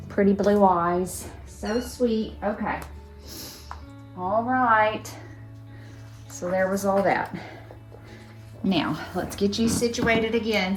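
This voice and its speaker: A woman chatting casually to her camera on a tripod in her living room, with a soft, chatty manner. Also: mid-range voice, slow, long pauses, soft background music. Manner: soft, chatty, coos in baby talk to the kittens. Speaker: knitting vlogger. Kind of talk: casual vlog chat.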